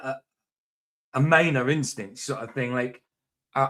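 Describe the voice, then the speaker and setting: A man speaks with a broad Doric accent from Scotland's northeast. His voice sits at an ordinary middle pitch, and he chats loosely, laughing often and repeating phrases as he goes. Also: fairly even intonation, normal speed, fairly bright tone. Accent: Doric Scottish. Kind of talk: casual chat.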